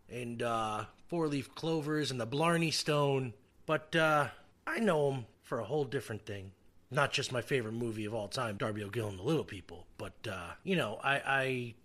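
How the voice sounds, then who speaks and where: A man's voice: medium pitch, a bit bright. A man hosting a show in a casual, rambling way, full of fillers and restarts and self-mocking jokes. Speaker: show host. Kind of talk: casual radio-style chat.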